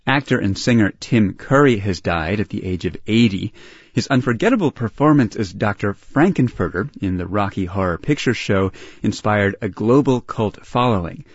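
Guy reading news headlines, low husky voice, dry sound. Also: moderate pace, no echo, muffled recording. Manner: crisp, even newsreading. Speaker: newscaster.

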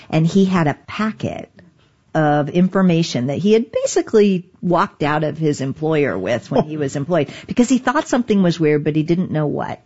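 A woman with a low voice recounts past events in an interview, her delivery animated and full of restarts. She is middle-aged. The recording sounds slightly muffled and lo-fi. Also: moderate pace, breathy edge. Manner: animated, laughs often, many restarts. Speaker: guest, digital rights lawyer. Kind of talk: conversational interview storytelling.

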